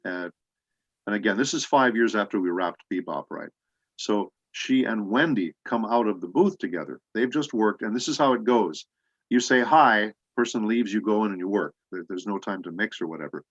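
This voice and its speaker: Middle-aged male voice actor, low voice, rambling storyteller, dull lo-fi audio. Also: expressive, dry recording. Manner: rambling anecdotes with many pauses. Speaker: voice actor guest. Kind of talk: casual interview storytelling.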